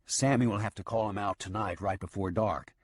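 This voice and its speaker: A man voicing a calm, scheming outlaw leader who gives firm orders in an audiobook. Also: lowish voice, brisk, husky, no room sound, clean studio sound. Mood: commanding. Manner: firm, commanding.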